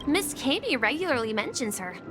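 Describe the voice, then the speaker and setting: A gentle young woman speaks in a video game, her higher voice lilting up and down through scripted lines. She sounds soft-spoken and wistful. Game music plays underneath her. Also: big pitch swings, a little fast.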